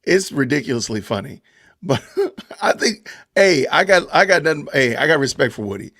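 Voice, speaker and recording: A man hosting a casual live stream, animated and laughing often as he reads viewer comments aloud. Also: mid-range voice, fairly quick. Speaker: podcast host reading live chat.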